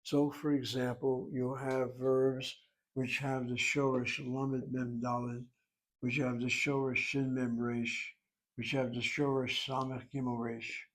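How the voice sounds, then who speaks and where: A man's voice: mid-range voice, level tone, slow pace, fairly bright tone, low-quality recording. A man teaching a Hebrew lesson, explaining words step by step and spelling some out letter by letter.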